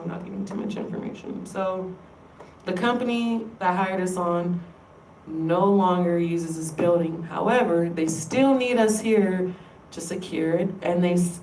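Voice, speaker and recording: A woman's voice: fairly low pitch, moderate pace, darkish tone, recorded from a distance, slight background noise. Rambling profane woman in echoey room. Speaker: vlogger. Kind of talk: casual ranting monologue. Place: room in an indoor workplace building. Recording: echoey room, voice away from mic.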